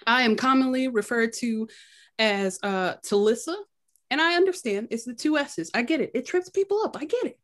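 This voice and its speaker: An easygoing woman with a somewhat high voice talks as a panelist on a video call. She rambles a little, casual and unhurried. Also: lively intonation, fairly bright tone.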